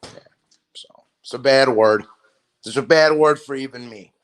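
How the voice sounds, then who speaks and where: A man's voice: mid-range voice, moderate pace, no room sound. A man hosting a boxing talk show, rambling casually and swearing, calling his viewers "bro". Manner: profane, streetwise, talks to viewers as "bro".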